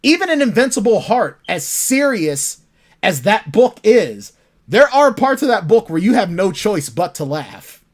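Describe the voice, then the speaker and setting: Male author guest, animated storyteller in casual interview chat. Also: high-pitched, a little slow. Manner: animated storytelling, acts out his characters.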